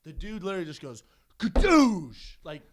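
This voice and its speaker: A rowdy man on a podcast, his voice sitting a little high for a man. He talks casually and swears freely, and he jumps into loud impressions of the people in his stories. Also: animated, brisk, slight background noise. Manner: profane storyteller, acts out quoted voices loudly. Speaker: podcast co-host. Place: podcast studio.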